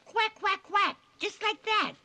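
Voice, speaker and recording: A man voicing a nosy, gossipy elderly woman neighbor in a shrill, sing-song voice. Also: takes it slowly, pushed and bright, full character voice.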